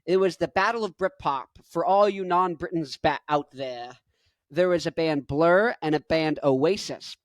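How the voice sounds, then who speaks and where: A man in his twenties giving rambling, jokey reaction commentary, jumping into loud bursts. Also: on the high side, dry recording. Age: 20s. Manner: rambling, jokey, goes off on tangents. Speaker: rock musician reacting to a video.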